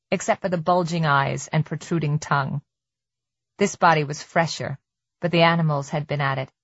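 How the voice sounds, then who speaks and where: A woman narrating an audiobook in a steady, measured way, her voice sitting a little low. The recording is dry and close, with a slightly dull, muffled top end. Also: dry recording. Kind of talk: scripted narration of a suspense novel.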